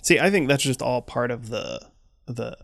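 A man co-hosting a comedy podcast, riffing with rambling, playful deadpan banter into a close mic. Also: medium pitch, normal speed, vocal fry, dry recording.

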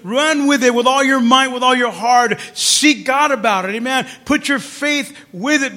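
A man preaching as pastor, telling his story quietly, then building to loud, fervent calls. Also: extremely high pitch. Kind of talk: sermon.

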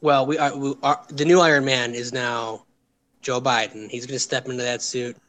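A man co-hosting a comedic talk show, mocking and riffing with quick impressions. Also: medium pitch, steady tone, fairly bright tone. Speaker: podcast co-host. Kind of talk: casual comedic chat.

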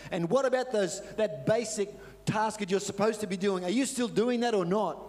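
A scornful young soldier sneers at his little brother, as a preacher puts him on. The voice jumps high and loud, indignant and mocking. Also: moderate pace, big-room sound, lightly acted.

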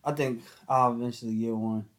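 A man's voice: medium pitch, fairly even intonation, fairly quick, a bit bright. A man chatting casually as a co-host, with a mid-range voice. He keeps his replies brief and laid-back. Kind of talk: casual chat.

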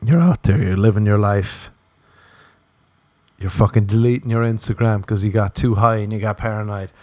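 A man's voice: lowish voice, moderate pace, darkish tone, dry recording. An Irish man hosting a podcast, rambling through a profane comedic monologue that hops from tangent to tangent. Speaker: podcast host.

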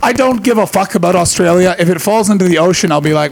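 A man's voice: on the high side, quick pace, hardly any pauses, soft background music, poor audio. A man doing a stand-up set before a live audience, telling profane rambling stories and teasing the crowd. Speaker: stand-up comedian.

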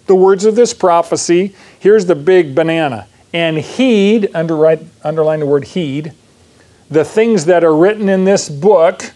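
Guy preaching in church, kinda high voice, keeps asking the crowd stuff and saying "right?". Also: darkish tone. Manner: conversational teaching, frequent "right?" and questions to the audience. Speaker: pastor. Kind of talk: sermon.

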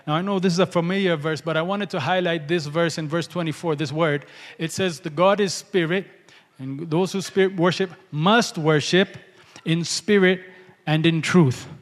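A man's voice: fairly high pitch, steady tone, moderate pace, long reverb tail. A man preaching a sermon, emphatic, calling out hallelujah and asking the congregation to respond.

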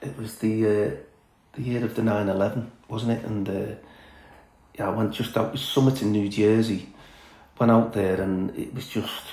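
A middle-aged former footballer telling blunt, candid stories as a podcast guest, chatty with many fillers. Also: male voice, fairly low pitch, steady tone, moderate pace, darkish tone, echoey room, poor audio. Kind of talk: casual storytelling chat.

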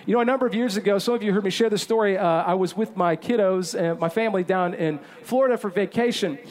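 A man in his thirties preaching a sermon as pastor, telling a self-deprecating story in an animated way. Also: high voice, fast.

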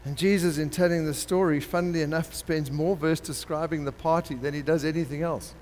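A man preaches a sermon with animated storytelling and slips into the characters as he tells it. His voice sits a little high for a man. It carries a long reverb, with faint noise behind it. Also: a little fast.

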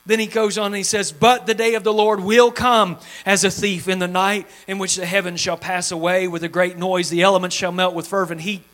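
A male pastor preaching to a congregation in a high, bright voice that carries. He swings from urgent, near-shouted pleas down to quiet, hushed confession, with folksy turns of phrase. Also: little pitch movement, brisk, few pauses. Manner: fervent preaching that swings from shouted pleading to low hushed tones. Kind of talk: sermon. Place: church sanctuary before a congregation.

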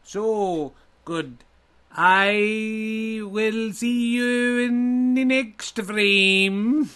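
A man voicing a proud Viking snooker player who speaks in a stiff, formal, drawn-out way, set higher than his own voice. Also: pushed and bright, full character voice.

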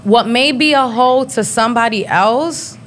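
A woman's voice: a little high, unhurried, a bit bright, slight background noise. A woman in her thirties hosting a live podcast show, talking bluntly and profanely with frequent laughter. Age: 30s. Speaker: podcast host. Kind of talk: casual live-show chat.

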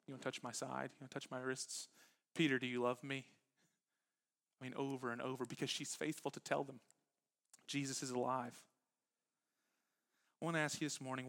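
A male pastor preaching a Sunday sermon in a conversational way. His voice sits at an ordinary middle pitch. He drops low and quiet for intimate lines and then lifts into animated bursts. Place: church sanctuary with live congregation.

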